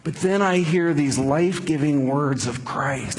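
A man's voice: fairly high pitch, unhurried, few pauses, a little hiss or hum. A man preaching a sermon in a conversational way, asking rhetorical questions and restarting his sentences. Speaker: pastor.

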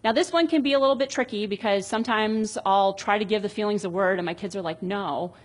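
A woman's voice: mid-range voice, fast. A woman in her thirties in a casual talk about parenting, reading out example conversations in a chatty, reflective way.

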